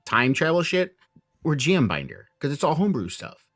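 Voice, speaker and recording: A man's voice: on the high side, brisk, soft background music. A man chatting casually as game master after a tabletop campaign, rambling with lots of fillers. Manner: rambling, filler-heavy, animated.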